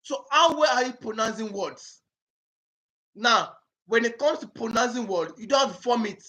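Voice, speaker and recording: A man's voice: extremely high pitch, expressive, normal speed, pushed and bright. A man with a Nigerian accent, an exam-prep tutor teaching a lesson. He repeats key phrases and throws questions back at the listeners to check they follow. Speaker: IELTS speaking tutor. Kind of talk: classroom lesson with call-and-response.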